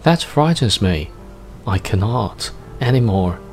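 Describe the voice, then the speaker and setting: A man's voice: fairly low pitch, expressive, slow, soft background music. A man voicing a timid little prince. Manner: soft and hesitant.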